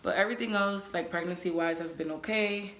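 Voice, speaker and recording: A woman's voice: mid-range voice, steady tone, fairly quick, fairly bright tone. Chatty young woman in an echoey room. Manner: chatty, fills talk with "like" and "you know". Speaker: vlogger. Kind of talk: casual storytelling.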